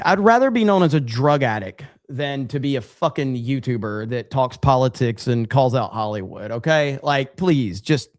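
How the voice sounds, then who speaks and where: A man's voice: medium pitch, very animated, normal speed, no room sound, clean studio sound. A man hosting a livestream, casually reading viewer comments aloud in a loose, profane, rambling way full of fillers. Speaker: livestream host.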